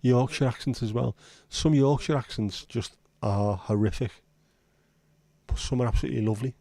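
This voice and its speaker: Male livestream host, rambling and blunt, mellow low voice, dry close sound. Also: moderate pace, creaky, dry recording. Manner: rambling, chatty, blunt with occasional swearing. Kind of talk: casual livestream chat.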